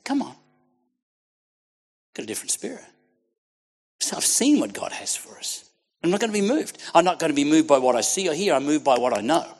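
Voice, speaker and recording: An Australian man preaching a sermon to a congregation, fervent and exhorting, dropping to hushed tones and then rising to near shouts. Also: fairly high pitch, sing-song, fast talker.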